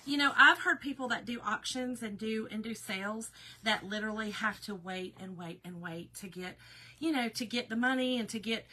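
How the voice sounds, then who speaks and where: A woman's voice: fairly high pitch, sharp tone. A woman with a Southern US accent chatting casually with viewers during a live crafting video, folksy and talkative. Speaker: craft business owner hosting a live video.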